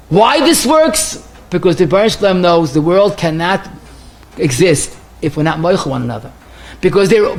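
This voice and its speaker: A man, a rabbi, giving a Torah lecture, telling stories in an animated way with wide swings of pitch and pace. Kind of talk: lecture sermon with told stories.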